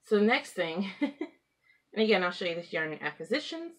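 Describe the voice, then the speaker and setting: A woman hosting a home craft podcast, talking casually and rambling, often laughing and clearing her throat. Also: on the low side, sing-song, fairly quick. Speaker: knitting podcast host. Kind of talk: casual craft chat to camera. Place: at home with pets.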